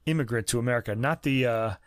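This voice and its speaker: A man speaking fast in a medium-pitched voice co-hosts a music podcast, chatting in a jokey, opinionated way with many fillers as he reviews music. The recording, made on a podcast mic, is dry and studio quality.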